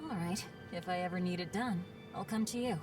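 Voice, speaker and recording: A woman's voice: lowish voice, a little fast, close to an everyday voice. An actress playing a blunt, tough young woman warrior in a game, who speaks matter-of-factly. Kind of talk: game voice acting. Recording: game audio with music, from far off.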